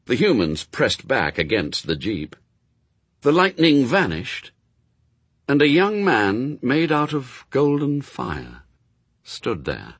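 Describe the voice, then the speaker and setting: Male audiobook narrator, wry and expressive, husky, dry close mic. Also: mid-range voice, slow pace, no echo.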